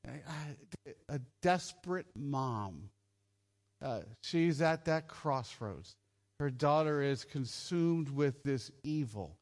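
A man's voice: medium pitch, animated, takes it slowly. A middle-aged man giving a conversational sermon, joking and asking his listeners questions as he goes. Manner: conversational, jokey, asks the audience questions. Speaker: preacher at a children's home gathering.

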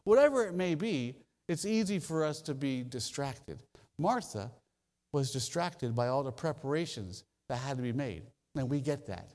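A man preaching a sermon as pastor, animated, with drawn-out pauses and phrases that trail low. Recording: long reverb of a hall.

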